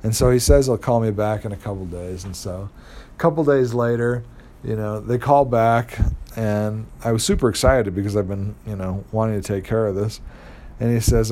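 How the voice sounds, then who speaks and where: A young man with a somewhat low voice tells a personal story in an easygoing, casual way. He rambles, stacking fillers and restarting his sentences as he goes. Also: moderate pace, mellow.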